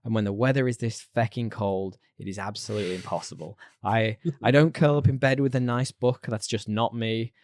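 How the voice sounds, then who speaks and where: A man co-hosting a podcast in casual chat, animated and laughing often. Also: on the low side, fairly quick, few pauses, no echo. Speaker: podcast co-host.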